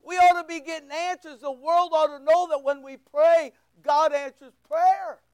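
A preacher delivering an impassioned sermon with a high-pitched voice. The delivery is emphatic and shifts between loud bursts and quiet asides. The sound is dry and close. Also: fairly even intonation, moderate pace, no echo.

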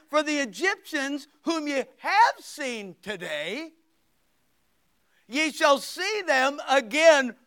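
A man preaching a sermon and reading scripture aloud, emphatic, swinging between loud outbursts and hushed asides. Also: very high-pitched, no echo, clean studio sound.

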